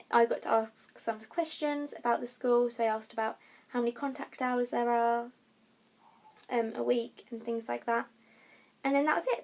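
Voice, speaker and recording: A young woman vlogger chatting casually to camera, with frequent ums and restarts as she tells her story. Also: fairly high pitch. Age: young adult.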